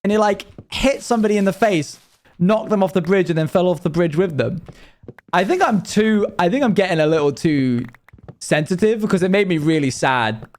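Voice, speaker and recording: Chatty young man streaming, slightly high voice. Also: expressive, brisk, a little mellow. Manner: rambling, laughing, self-deprecating storytelling. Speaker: live streamer. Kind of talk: casual chat with stream chat.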